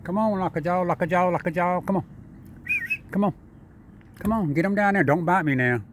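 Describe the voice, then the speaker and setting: A man chatting and coaxing a squirrel in his front yard, repeating himself in a relaxed, chuckling way. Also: sits high, fairly quick, background noise. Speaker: vlogger feeding a squirrel. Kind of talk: casual talk to an animal.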